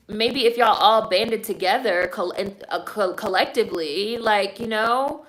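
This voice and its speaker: A woman streams live and reads viewer comments in a slightly high, fairly bright voice, moving at a moderate pace with hardly any pauses. She swears frequently, gives blunt opinions, and leans on fillers like "like" and "y'all."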